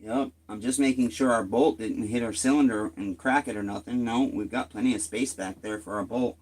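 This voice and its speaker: A man's voice: mid-range voice, a little fast, a little mellow. A man streaming live from his workshop, cursing in frustration and talking to his viewers while he works. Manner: exasperated, heavy swearing; talks to viewers while working. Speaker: chainsaw repair streamer. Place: home workshop shed.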